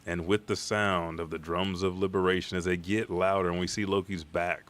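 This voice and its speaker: A man hosting a live comic reaction stream, talking in a rambling, profane, excitable way. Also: deep voice, normal speed.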